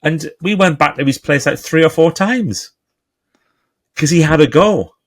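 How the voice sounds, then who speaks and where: A guest author from England with a Geordie accent speaks in a conversational interview. His voice is fairly high and a little slow, and he tells stories with animation, acting out the voices of the people in them.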